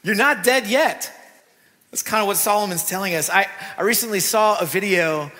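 A man preaching a sermon in a church, talking in a lively, conversational way with asides to the congregation. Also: high voice, moderate pace. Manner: animated, conversational preaching with asides and acted quotes. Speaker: pastor. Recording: long reverb of a church hall.

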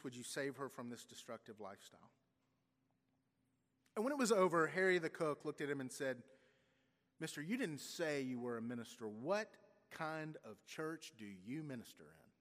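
A man's voice: medium pitch, a bit bright. A man, a pastor, tells a story in a sermon, briefly voicing its people. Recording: long church reverb.

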